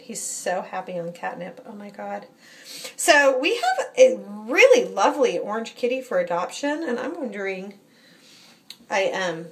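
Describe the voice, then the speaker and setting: A woman's voice: mid-range voice, a bit bright, slight background noise. Woman cooing at cats on a phone video. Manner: cooing baby talk to cats between chatty updates. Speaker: cat foster carer. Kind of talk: casual phone video with pets. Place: home indoors. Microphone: phone held in hand.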